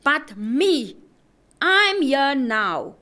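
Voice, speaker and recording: An earnest woman talks about marriage in a preaching, heartfelt way, often repeating herself. Her voice sits high and her pace is slow and deliberate. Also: big pitch swings, pushed and bright. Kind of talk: casual faith-based chat.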